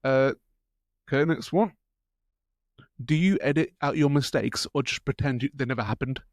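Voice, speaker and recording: A man's voice: medium pitch, moderate pace, no echo. Young male co-host, laid-back, dry close sound. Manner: relaxed, agreeable, reads out listener questions. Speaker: podcast producer and co-host. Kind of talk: casual podcast chat.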